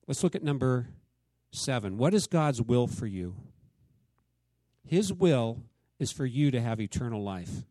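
A man's voice: mid-range voice, big pitch swings, measured pace, warm tone, no echo. Conversational man teaching scripture. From United States. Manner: conversational, quizzes listeners and acts out quotes. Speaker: church teacher. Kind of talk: Bible study teaching.

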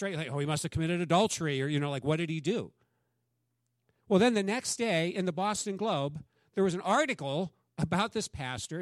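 A man's voice: sits high, dry recording, clean studio sound. A man, a pastor, preaching a conversational sermon and acting out quoted dialogue.

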